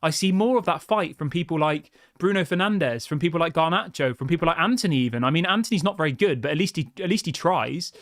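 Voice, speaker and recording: A man's voice: a little high, animated, fast, hardly any pauses, no echo, studio quality. A man hosting a football channel, reading viewer comments aloud and giving blunt, frustrated opinions in a chatty way. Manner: frustrated, blunt and conversational, often saying "mate".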